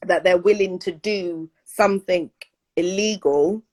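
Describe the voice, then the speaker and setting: A peer educator tells a frank story in a casual discussion. Her voice sits slightly low. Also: measured pace, darkish tone.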